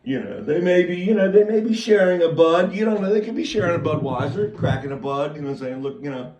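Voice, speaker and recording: Hushed-to-excited rambling male preacher. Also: fairly high pitch, roomy sound, distant mic, rough recording. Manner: swings from hushed, halting prayer to loud, excited storytelling. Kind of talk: rambling sermon.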